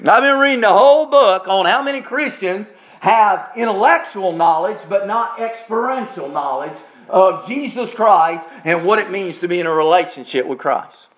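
A man preaching a sermon as pastor, stretching out key phrases slowly for emphasis. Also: sits high, expressive, a bit bright, dull audio. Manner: preaching with slow, drawn-out emphasis on key words.

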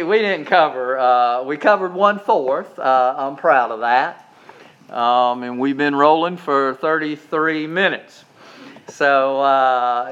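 A man preaching a sermon, swinging from loud, emphatic calls to soft, hushed prayer. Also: medium pitch, muffled recording. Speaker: pastor.

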